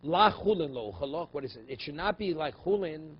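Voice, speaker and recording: A rabbi giving a Talmud class, reading Aramaic passages and explaining them in English, often checking with "okay?" and "right?". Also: male voice, on the high side, expressive, fairly quick. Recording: slightly dull, faint room noise.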